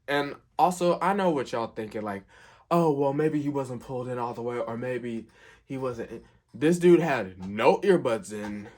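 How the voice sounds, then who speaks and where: A young man telling a work story in a casual, animated way, acting out the quotes with big jumps in pitch. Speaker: storyteller, fast food worker.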